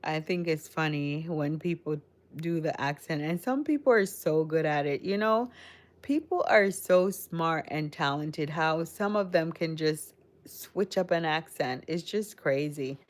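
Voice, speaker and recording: A woman's voice: low voice, expressive, unhurried. A woman with a Caribbean accent mixed with American, chatting casually with viewers on a livestream in a rambling way. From Caribbean, raised in Connecticut. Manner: chatty, rambling, addresses chat directly. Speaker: livestream host. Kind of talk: casual live-stream chat with viewers.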